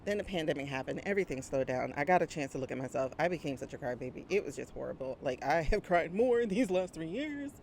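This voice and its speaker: A woman in her 40s, a brand coach, vlogs casually outdoors by a street, often laughing, using a small mic plugged into a phone amid faint traffic. She talks fast with hardly any pauses, in a low-pitched, a little mellow voice with lively intonation.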